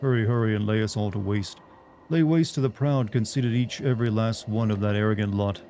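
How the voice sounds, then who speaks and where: Man doing a solemn dragon worshipper, grandiose, slow recitation, mellow voice. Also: on the low side, slight background noise, natural voice.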